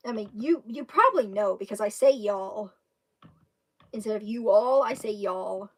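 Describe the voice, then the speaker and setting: A woman's voice: medium pitch, expressive, a little fast, husky. A young woman from Kentucky with a Southern accent, chatting casually with her stream viewers in a rambling way and laughing often. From Kentucky, USA. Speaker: live streamer.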